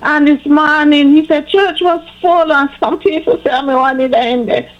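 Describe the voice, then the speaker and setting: A woman's voice: high voice, fairly even intonation, moderate pace, highs cut off. A woman with a Jamaican accent chatting casually with a friend, teasing and insistent, slipping patois into her speech. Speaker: church member. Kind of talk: casual chat between friends.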